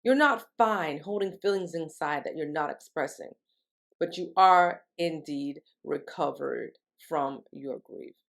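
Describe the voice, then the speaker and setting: A woman's voice: low-pitched, measured pace, vocal fry. A woman, a grief recovery specialist, explaining step by step in an educational monologue and often asking "right?" to check in with the listener. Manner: acts out quoted speech in a livelier voice.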